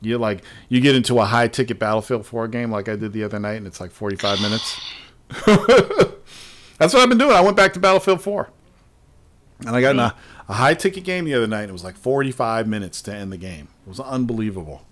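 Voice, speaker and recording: A man hosting a casual gaming podcast, his pitch rising and falling a lot as he talks. He is laid-back, lets his sentences trail off low and laughs often. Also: animated, fast, fairly bright tone. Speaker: podcast host. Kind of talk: casual chat.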